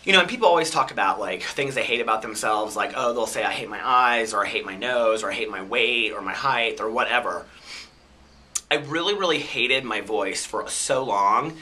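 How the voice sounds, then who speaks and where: A man from the US Midwest with a soft, effeminate, twangy Midwestern American voice, talking in a candid, reflective personal vlog monologue. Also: medium pitch, expressive, normal speed. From Chicago, US Midwest. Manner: reflective and candid, chatty storytelling. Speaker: vlogger.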